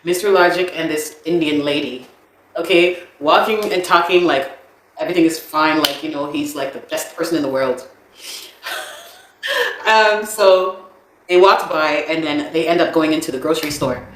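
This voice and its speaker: A woman, telling a personal story in an animated, indignant way. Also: low voice, moderate pace, reverberant. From Canada. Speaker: storyteller recounting a dispute.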